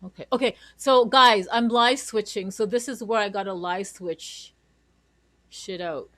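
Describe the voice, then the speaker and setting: A young woman from Canada hosts a casual livestream chat, talking in a bubbly, giggly, rambling way. Her voice sits at an ordinary middle pitch. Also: unhurried, a bit bright. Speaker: host.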